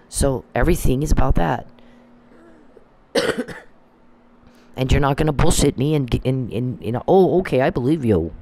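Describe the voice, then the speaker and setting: Gravelly man ranting bluntly. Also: a little high, dark tone. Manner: blunt, profane, emphatic. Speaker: commentator. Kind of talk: casual monologue.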